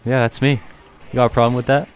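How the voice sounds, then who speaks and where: A man's voice: medium pitch, level tone, a little fast. A man hosting a game stream, chatting casually with friends in a playful, dry, self-mocking way. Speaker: streamer, host. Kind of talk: casual gaming chat.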